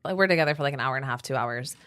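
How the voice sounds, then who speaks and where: A woman in her thirties, a podcast guest telling a story in a casual, animated way with lots of fillers. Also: very deep voice, very fast, no echo, studio quality. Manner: animated, chatty, many fillers. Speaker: podcast guest, salon owner.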